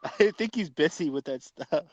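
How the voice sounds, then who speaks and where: A man's voice: on the high side, lively intonation, normal speed, no echo. A man co-hosting a livestream, rambling and giggling with many fillers in casual banter. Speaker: livestream co-host.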